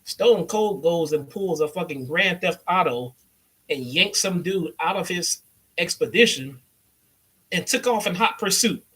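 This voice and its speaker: A man's voice: sits high, expressive, unhurried, sharp tone, breathy edge. A young adult man from the Chicago area giving a loose, sarcastic and profane wrestling review. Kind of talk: casual profane recap.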